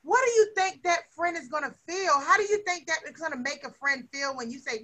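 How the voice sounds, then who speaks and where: A woman's voice: sits high, lively intonation, fairly quick, bright, forceful tone. A woman teacher leading a lesson with young children, coaxing them along with lots of questions.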